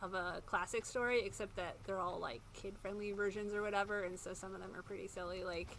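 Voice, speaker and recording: A woman's voice: medium pitch, steady tone, brisk, a bit bright. A woman in her thirties chatting casually while streaming a game, rambling and self-mocking with frequent laughs. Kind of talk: casual gameplay commentary. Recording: game sound noise in the background.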